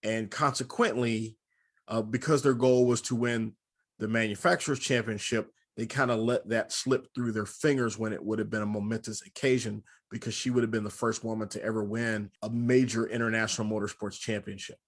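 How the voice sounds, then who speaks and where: A man hosting a casual car talk show, relaxed and self-mocking, explaining racing history in long runs. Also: lowish voice, brisk. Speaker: podcast host. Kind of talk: casual chat and car commentary.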